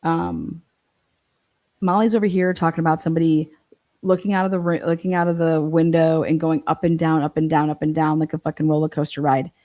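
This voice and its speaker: Woman, livestream true crime commentary, blunt, profane, incredulous, lowish voice, warm dark tone. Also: little pitch movement, brisk.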